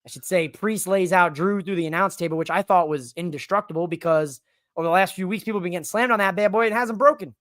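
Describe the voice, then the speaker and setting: A man's voice: sits high, fast, a bit bright, no echo. Solo streamer host, man, hyped and jokey, rambling recap delivery, dry close home-studio sound. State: out of breath. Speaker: wrestling show host. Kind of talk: solo livestream recap chat. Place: home studio in a living room. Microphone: livestream mic.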